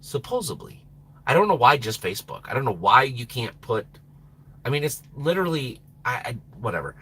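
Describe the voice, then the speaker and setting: A man hosting a live stream chats in a loose, rambling way, laughing and losing his train of thought. His voice is bright and slightly husky, and it swoops up and down in pitch. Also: big pitch swings, fairly quick. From Minnesota. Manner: rambling, laughs often, trails off. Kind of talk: casual live stream chat.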